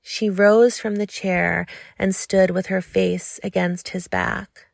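Slow gravelly woman reading a story. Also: mid-range voice, steady tone, dry recording. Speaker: narrator.

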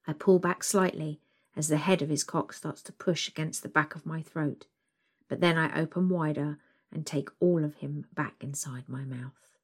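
Low-voiced woman reading an intimate story. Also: fairly even intonation, normal speed, darkish tone, slightly rough. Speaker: narrator.

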